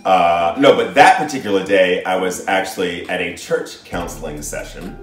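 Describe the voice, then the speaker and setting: Middle-aged man, low voice, earnest and reflective storyteller; recorded off-mic in an echoey room. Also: moderate pace, distant mic. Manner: earnest and reflective, with frequent restarts. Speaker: guest, the host's father. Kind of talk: personal story in casual conversation. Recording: echoey room, voice off-mic, faint music behind.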